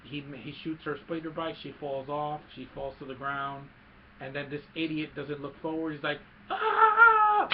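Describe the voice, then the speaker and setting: Gravelly man recapping a movie excitedly. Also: on the high side, muffled recording, noisy background. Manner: animated retelling with sound effects and quick character quotes. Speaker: movie reviewer.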